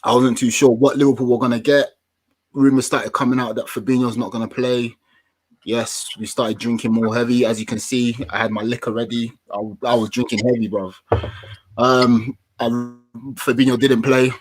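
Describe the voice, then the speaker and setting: A man giving casual, animated football match analysis on a podcast, slangy and swearing freely. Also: mid-range voice, moderate pace. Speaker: podcast guest, football fan.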